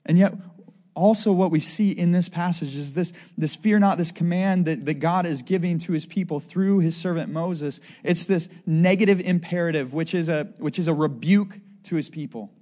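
Man, high voice, chatty preacher who keeps asking "right?" to check in with the congregation. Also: moderate pace, darkish tone. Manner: conversational preaching, asks the crowd "right?" often. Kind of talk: sermon.

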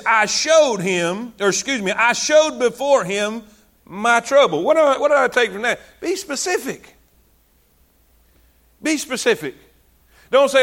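A male preacher delivers a fervent sermon in a very high, bright voice. He drives his points home through repetition and often rises to shouting.

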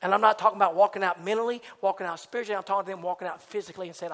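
Preaching very fast and barely pausing, a man with a high-pitched voice leads a spirited, folksy sermon in church. His volume swings from loud cries to hushed asides, and he banters with the congregation.

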